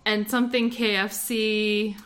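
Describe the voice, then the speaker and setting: A woman from North Carolina co-hosting a casual podcast. Her voice is bright and forward, and she talks in a chatty way, doubles back to correct herself, and laughs easily. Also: mid-range voice, flat delivery, unhurried. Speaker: podcast co-host. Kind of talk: casual chat.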